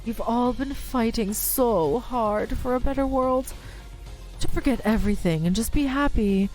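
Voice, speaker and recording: Woman voicing a smooth-talking villain mastermind, soothing, coaxing, faint game music behind. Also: on the high side, measured pace, a little mellow, close to an everyday voice. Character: calm, persuasive mastermind villain tempting with a false paradise. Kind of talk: reading game dialogue aloud.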